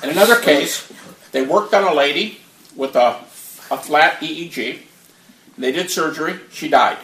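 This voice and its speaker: A man's voice: a little high, normal speed, a bit bright. A man giving a conversational, anecdotal talk who acts out the people he quotes. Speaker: speaker on near-death experiences. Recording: roomy, distant mic, faint noise.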